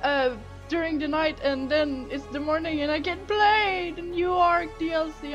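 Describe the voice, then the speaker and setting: A woman who is not a native English speaker, giving excitable let's-play commentary that swings into squeals and swearing. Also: high voice, moderate pace, hardly any pauses, music in the background. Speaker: gaming YouTuber.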